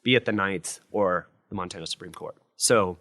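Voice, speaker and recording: A man's voice: low voice, normal speed, a bit bright, no room sound, studio quality. A man, a criminal defense lawyer, talking casually and with self-deprecating humor on a live panel in front of law students. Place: law school lecture room with student audience.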